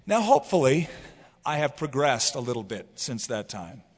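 A man's voice: medium pitch, normal speed, slightly rough, big-room sound. A man preaching a sermon as pastor, telling stories and acting out quotes as he goes. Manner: animated storytelling with acted quotes.

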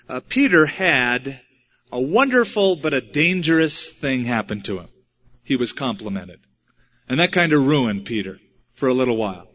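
Male preacher, fairly high voice, dramatic storytelling sermon, dull lo-fi recording. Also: sharp tone. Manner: dramatic, acts out quotes with shifting pitch and volume.

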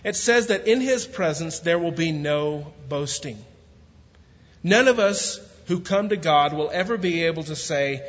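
A man preaches a sermon in a large church, his voice sitting a bit high for a man. His reading of scripture is steady, and it gives way to easy jokes and fervent preaching, with a bit of a country way of talking. A long hall reverb trails each phrase, and the recording sounds slightly dull. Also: measured pace. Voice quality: self-described country way of talking. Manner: reads scripture steadily, then jokes and preaches with rising fervor. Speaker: guest pastor.

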